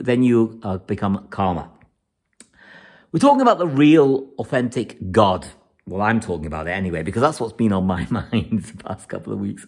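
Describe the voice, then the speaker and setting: Male astrologer with a very animated, up-and-down delivery, giving an emphatic weekly forecast. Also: medium pitch. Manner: emphatic and repetitive, often laughing.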